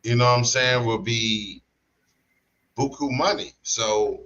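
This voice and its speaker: A man talking slowly in slangy casual podcast chat, drawing out his points. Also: mid-range voice, fairly bright tone, muffled recording. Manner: slow, drawn-out storytelling with slang and restarts. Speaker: podcast co-host.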